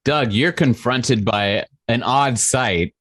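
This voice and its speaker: A man running a tabletop game as game master, with a quick, easygoing manner. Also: mid-range voice, fairly bright tone, no room sound.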